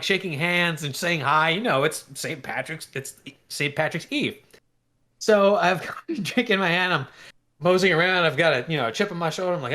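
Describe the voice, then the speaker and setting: A man co-hosting a podcast, telling a story in a lively way and acting out the people in it. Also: fairly high pitch. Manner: animated, acts out quoted voices. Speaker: podcast co-host. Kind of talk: casual storytelling chat.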